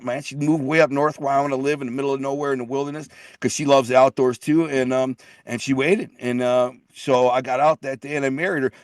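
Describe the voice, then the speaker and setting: A man's voice: mid-range voice, no echo, clean studio sound. A middle-aged man, a guest telling his life story in blunt street talk, repeating and restarting words. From Detroit. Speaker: guest, author. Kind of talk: casual storytelling interview.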